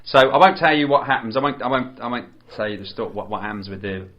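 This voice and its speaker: A man's voice: medium pitch, quick pace. Rambling man on a lo-fi podcast. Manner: rambling, full of restarts and "you know". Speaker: podcast co-host. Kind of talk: casual chat reviewing a film. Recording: dull lo-fi podcast audio.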